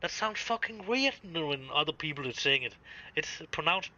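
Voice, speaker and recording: Danish-accented man, bright and sharp. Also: fairly high pitch, expressive, highs cut off. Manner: swears freely, halting and restarting, chuckling. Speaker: game streamer. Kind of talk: casual live-stream chat.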